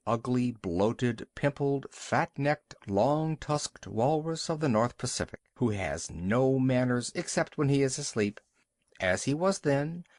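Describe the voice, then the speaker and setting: A man's voice: mid-range voice, dry recording, clean studio sound. A man narrating a classic animal story as an audiobook reader, telling it expressively. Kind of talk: scripted narration.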